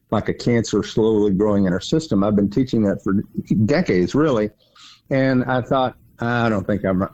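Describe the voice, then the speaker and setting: A man's voice: fairly low pitch, darkish tone, lo-fi sound. A middle-aged man hosting a financial radio show, explaining at length and stressing points by repeating words. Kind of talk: casual explanatory talk.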